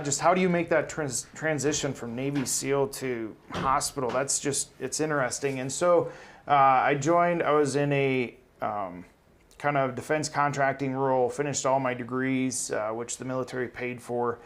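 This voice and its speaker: A man's voice: medium pitch, moderate pace, slight background noise. A man in his forties from South Dakota, a hospital CEO talking in a casual interview in an upbeat, humble way.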